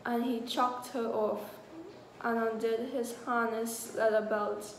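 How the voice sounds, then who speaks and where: A woman narrating a short story aloud in a measured, grave manner. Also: on the high side, flat delivery, slight background noise. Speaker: reader. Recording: echoey room with faint ambience.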